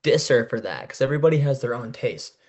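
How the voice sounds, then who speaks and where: A man's voice: medium pitch, animated, fast. A young man co-hosting a music podcast, chatting casually and animatedly, with lots of fillers and the odd swear word. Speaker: podcast co-host. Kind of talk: casual chat.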